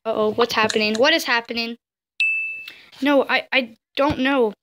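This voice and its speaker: A young woman playing a story game out loud, flustered and stammering, often breaking into worried exclamations. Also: fairly high pitch, moderate pace, background noise. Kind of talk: casual let's-play reactions.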